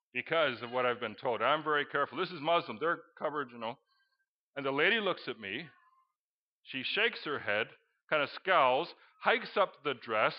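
Middle-aged male preacher, animated storyteller with sudden loud exclamations, slightly high voice. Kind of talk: sermon with storytelling. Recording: dull lo-fi recording.

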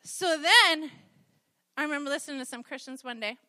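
A woman's voice: high voice, a little fast, bright, forceful tone. A woman preacher giving a conversational sermon, telling stories with humor. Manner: chatty, storytelling with humor.

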